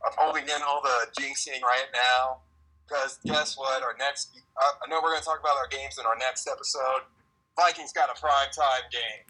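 A man co-hosting a casual sports chat from his car, excitable and quick to laugh. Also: medium pitch, slightly rough, rough recording. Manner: excitable, laughs often, swears. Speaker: podcast co-host. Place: in a car on country roads.

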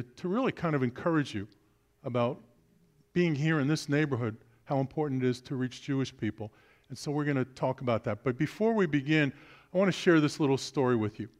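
A man preaching as a guest speaker. His voice sits on the higher side for a man. He is chatty and jokes with the congregation. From Brooklyn, New York. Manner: chatty, joking, addresses the audience directly. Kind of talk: sermon.

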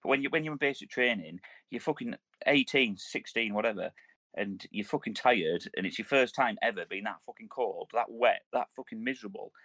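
A man's voice: fairly low pitch, brisk, fairly bright tone, no echo. A man, an ex-soldier, telling rambling, sweary army stories on a podcast. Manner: rambling, restarts, heavy swearing. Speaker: podcast host, army veteran. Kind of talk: casual swearing banter, war stories.

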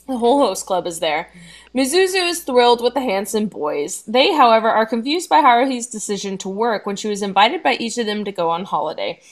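A woman casually reading out and chatting over an anime episode recap on a video call, laughing often and tripping over words. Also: mid-range voice. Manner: reads a summary, laughs often, stumbles on words. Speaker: podcast co-host recapping an anime.

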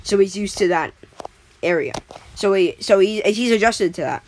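A woman's voice: mid-range voice, animated, normal speed, low-quality recording. A woman casually making up a story as she goes, rambling with lots of fillers and restarts.

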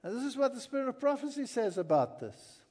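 A man's voice: extremely high pitch, sing-song, quick pace, darkish tone. A man preaching a sermon to an audience, earnest and emphatic, telling stories between points. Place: large hall with an audience. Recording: long hall reverb.

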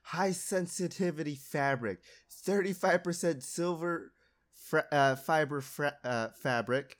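A man's voice: on the high side, a little slow. A young man hosting a casual podcast, rambling in a laid-back way and laughing often. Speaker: podcast host.

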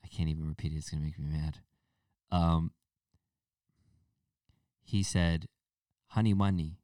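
A man's voice: extremely low pitch, level tone, a little slow, a little mellow, no echo, clean studio sound, far from the mic. A man hosting a casual solo podcast, rambling with restarts and fillers and now and then mocking people in a put-on baby voice. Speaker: podcast host.

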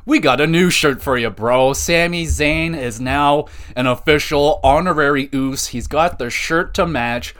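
A man hosting a podcast, recapping a wrestling show in a casual, sarcastic way, swearing often and getting excitable. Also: medium pitch, moderate pace, few pauses. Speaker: podcast host.

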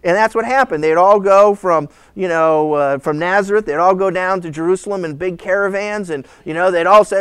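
A middle-aged male pastor teaching through a Bible passage in a sermon, telling the story in an animated way. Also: sits high, fairly quick, hardly any pauses, smooth, no room sound. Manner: animated storytelling, acting out voices with laughs.

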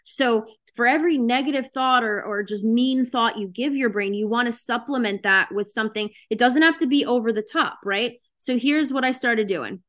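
Frank, chatty woman hosting a self-help call, a little high in pitch, easy and conversational. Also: normal speed, few pauses, fairly bright tone. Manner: frank, chatty, with lots of fillers. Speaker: host of a self-help session. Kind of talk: casual motivational talk. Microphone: video call.

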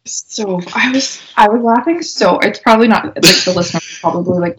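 A young woman with a mid-range voice co-hosts a casual podcast. She tells stories with lively energy and laughs easily. A faint hiss sits under the recording. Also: mid-range voice, moderate pace. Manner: laughing, animated storyteller. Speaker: podcast co-host.

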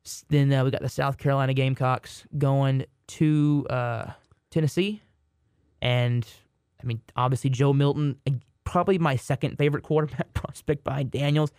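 A young man co-hosting a casual sports podcast, joking and rambling with quick restarts. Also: mid-range voice, steady tone, a little mellow, smooth, no room sound, studio quality. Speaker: podcast co-host.

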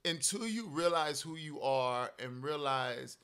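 A man's voice: a little high, animated, measured pace, pushed and bright, clear, resonant tone. A man, an actor as a guest, chatting casually and telling stories animatedly, acting out quotes and laughing often. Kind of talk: casual podcast chat.

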